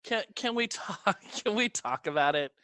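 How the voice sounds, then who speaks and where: A man co-hosting a casual movie podcast from home, animated and quick to laugh with jokey asides. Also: high-pitched, clean tone, no room sound, studio quality. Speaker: podcast co-host. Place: his own room, recording remotely.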